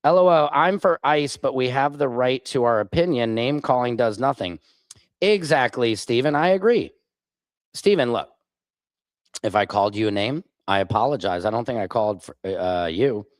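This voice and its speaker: Profane American male stream host, lively swooping delivery, heated political rant, reads chat aloud. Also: medium pitch, moderate pace, no echo. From United States. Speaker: livestream host.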